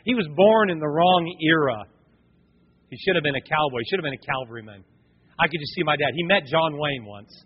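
A man delivers a sermon in a high, slightly husky voice. He drops into soft storytelling, then rises to urgent, loud calls to the congregation. The recording is dull and carries a long church reverb. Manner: animated, swings from quiet storytelling to loud exhortation. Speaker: pastor. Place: church sanctuary.

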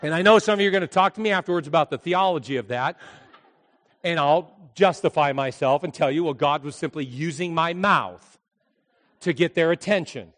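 A man preaching a sermon as a pastor, telling a story with animated delivery and acted-out voices. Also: on the high side, fairly quick, long reverb tail.

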